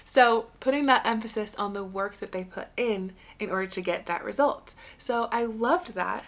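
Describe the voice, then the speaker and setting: A woman's voice: mid-range voice, normal speed. Young adult woman, podcast host, earnest and encouraging, plain conversational delivery. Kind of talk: solo podcast talk.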